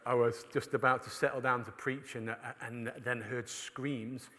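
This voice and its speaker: Man, preacher, storytelling conference talk, mid-pitched voice, long hall reverb. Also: fairly even intonation, normal speed, bright, forceful tone. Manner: storytelling, acts out voices of others. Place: church hall.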